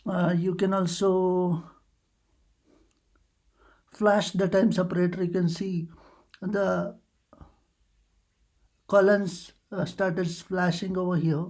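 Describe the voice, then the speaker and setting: A tutorial host moves slowly through computer settings in a casual screen recording, with long pauses, many "uh" fillers and restarts. The medium-pitched voice is darkish and barely varies in pitch.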